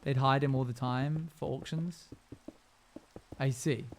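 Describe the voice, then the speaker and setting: A man's voice: medium pitch, fairly even intonation, unhurried, a little hiss or hum. A young man live-streaming a game, chatting casually with his viewers in a rambling, self-amused way.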